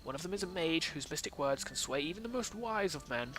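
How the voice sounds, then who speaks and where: A man's voice: on the high side, expressive, quick pace, over music, lightly acted. A man reading out the lines of a haughty actress in a video game, in his own plain voice. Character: boastful haughty actress, adult woman.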